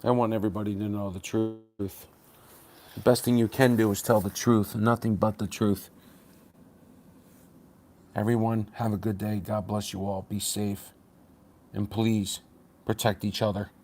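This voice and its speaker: A man's voice: fairly low pitch, little pitch movement, measured pace, pauses often, darkish tone, slight background noise. A man livestreaming to his chat, ranting bluntly and confrontationally, with sarcastic jabs at viewers.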